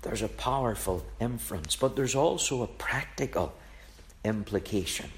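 A man preaching a sermon in a measured, emphatic way, repeating phrases for weight. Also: fairly low pitch, lively intonation, a little hiss or hum.

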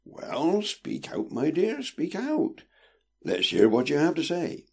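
A man's voice: fairly high pitch, huge pitch swings, takes it slowly, creaky, a little mellow, breathy edge, pitched above the performer's own voice, heavily acted. A man voicing a jovial, portly old ship captain with a teasing, old-fashioned way of speaking. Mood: hearty.

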